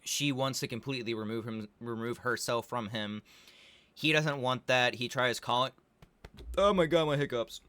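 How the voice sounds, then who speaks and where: A man's voice: mid-range voice, normal speed, fairly bright tone, clean tone, dry recording. A young man giving a rambling, profanity-laced casual recap of a movie, full of fillers. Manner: rambling, swears a lot, heavy on fillers like "like". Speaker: video creator reviewing a movie.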